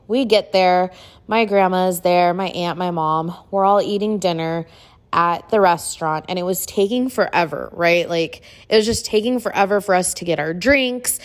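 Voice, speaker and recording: A middle-aged woman tells a personal story in a loose, chatty way, sprinkling "like" throughout. Her voice sits a little low for a woman. She grows animated when she acts out what people said. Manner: chatty, filler-heavy, uses "like" often. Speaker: podcast host.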